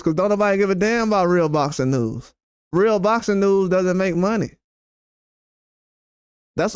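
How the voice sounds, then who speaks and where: A man's voice: sits high, clear, resonant tone, no echo, clean studio sound. A man hosting a boxing channel, ranting bluntly and heatedly at his chat with repeated, profane jabs. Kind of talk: live-stream rant responding to chat.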